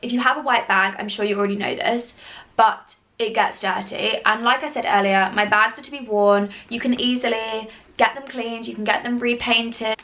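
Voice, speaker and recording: A woman's voice: on the high side, steady tone, normal speed, pushed and bright. A woman in her twenties chatting casually to camera as a lifestyle vlogger, gushing and full of "like" and "um". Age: 20s.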